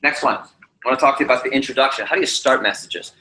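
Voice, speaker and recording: An energetic man coaching a room on public speaking. His voice is bright and forceful, and it echoes off the walls of an indoor training room with faint ambience in the background. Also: mid-range voice, rapid-fire, slight background noise. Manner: energetic, quizzes the audience. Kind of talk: training seminar talk.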